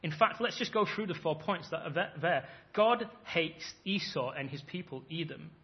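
A man's voice: a little high, expressive, moderate pace. A man in his thirties preaching a sermon, emphatic and acting out imagined voices as he makes his points. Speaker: pastor. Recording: dull lo-fi sound.

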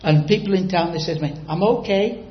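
A man's voice: fairly high pitch, fast talker, reverberant, dull audio. A man preaching a sermon, telling a story and quizzing the congregation directly.

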